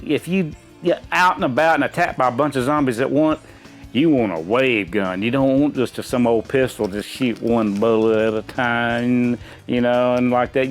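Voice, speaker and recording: A man's voice: mid-range voice, moderate pace, soft background music. A middle-aged man answering quiz questions in casual chat, rambling and folksy with many restarts. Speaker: quiz contestant.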